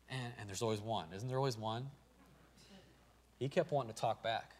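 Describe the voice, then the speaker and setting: A middle-aged pastor with a Midwestern American accent preaches in a church sanctuary, shifting from hushed storytelling to loud, stammering pleading. His voice is medium-pitched and brisk.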